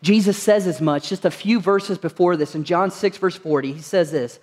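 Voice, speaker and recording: A man's voice: high voice, moderate pace, darkish tone, big-room sound. A male pastor preaching a sermon to his congregation in a church, telling stories earnestly and asking rhetorical questions. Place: church sanctuary.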